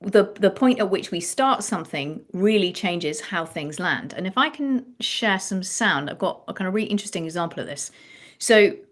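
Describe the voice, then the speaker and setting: A woman's voice: lowish voice, animated, moderate pace. A woman songwriting coach explaining melody writing in a thoughtful live-stream chat, often restarting her phrases.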